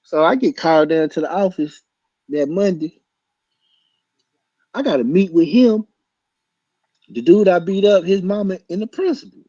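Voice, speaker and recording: A man telling a story loudly and excitably, acting out voices and punches with sound effects. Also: high voice, normal speed, long pauses, dry recording. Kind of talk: animated storytelling. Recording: dull lo-fi sound.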